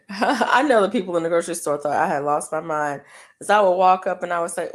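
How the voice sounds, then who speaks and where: A middle-aged woman hosts a live stream, crocheting while chatting casually to viewers and rambling with lots of ums and frequent laughs. Her voice sits on the low side and moves fairly quickly.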